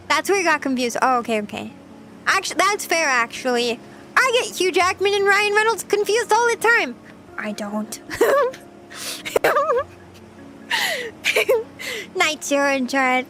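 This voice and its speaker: A woman's voice: sits high, bright, forceful tone, a little hiss or hum. A young woman streaming casual chat, playful and chatty, often giggling as she reads her chat. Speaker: VTuber streamer.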